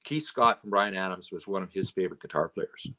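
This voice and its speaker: A man from Canada, appearing as a guest and working as a road and stage manager, rambles through stories in casual conversation, peppered with "you know" and "right?". He has a low voice, speaks a little fast, and sounds bright and forceful.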